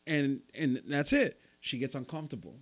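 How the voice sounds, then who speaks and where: A man's voice: mid-range voice, lively intonation, normal speed, lo-fi sound. A man, a podcast guest, telling a wild story with lots of swearing and acted-out dialogue. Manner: profane, acts out voices in the story. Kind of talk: animated storytelling.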